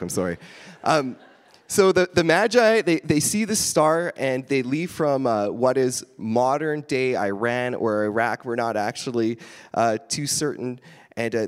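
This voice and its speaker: A male pastor giving a casual sermon, a chatty, self-deprecating storyteller who gets animated in his anecdotes. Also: mid-range voice, measured pace. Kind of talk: casual sermon with stories and jokes. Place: church hall. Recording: long reverb of a large hall.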